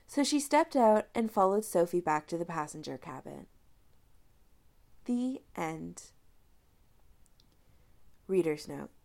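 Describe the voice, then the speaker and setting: A woman reading a fan story aloud with an expressive, lively delivery and a gravelly edge to her voice. Her pitch rises and falls freely as she narrates, in an even, mid-range voice. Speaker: podfic reader.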